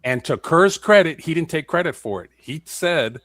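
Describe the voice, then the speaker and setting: A man talking sports on a casual panel chat, emphatic and animated when he makes a point. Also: on the high side, moderate pace. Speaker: guest co-host.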